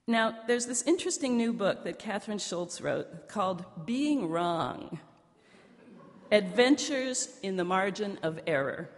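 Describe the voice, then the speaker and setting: A woman pastor preaches a sermon, telling a personal story conversationally and growing lively at the punchlines. Her voice sits in the mid-range and her pace is unhurried. Long hall reverb colors the recording.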